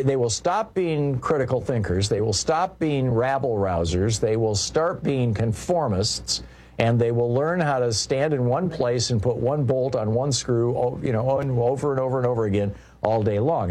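A man with a fairly low voice holds forth as a talk radio host, speaking from a studio. He rambles along in a discursive monologue, full of fillers and restarts. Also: a little mellow, a little hiss or hum.

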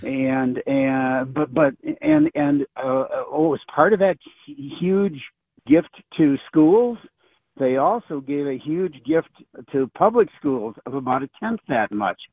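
A man's voice: on the high side, sing-song, gravelly, no room sound. An older man calls in over a thin, phone-like line, his voice dry and close. He rants with sarcasm, stumbling through restart after restart as he makes his point. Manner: halting, many restarts, sarcastic ranting. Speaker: caller. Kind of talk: call-in radio talk.

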